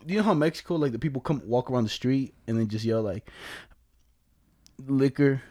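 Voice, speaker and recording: A man's voice: medium pitch, a little fast, a little mellow, no echo, studio quality. A young man telling a family story in casual slangy chat, rambling as he goes.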